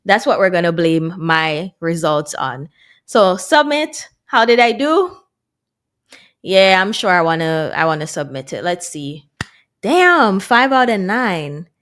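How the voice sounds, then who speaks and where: A woman with a slightly low voice chats casually to her viewers like a vlogger working through a lesson. She is chatty and self-mocking, and her voice often drops soft and low. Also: animated, measured pace. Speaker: vlogger learning a language. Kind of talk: casual vlog chat to viewers.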